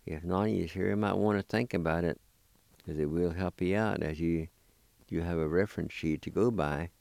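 A man hosting a radio language lesson, spelling and repeating words slowly and carefully. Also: low-pitched, gravelly, darkish tone, no echo. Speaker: language teacher and program host.

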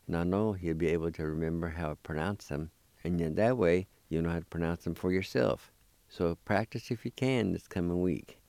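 Man, language lesson host, very deep voice, slow careful delivery, dry close sound. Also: vocal fry, darkish tone, smooth, dry recording. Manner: slow, careful spelling and repeating of words. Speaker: language teacher and program host.

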